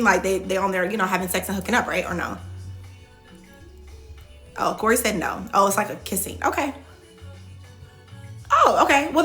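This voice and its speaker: A reality show contestant hosts a casual livestream Q&A, answering viewer comments as they arrive. Her medium-pitched voice sounds pushed and bright, and she keeps restarting sentences and saying "like".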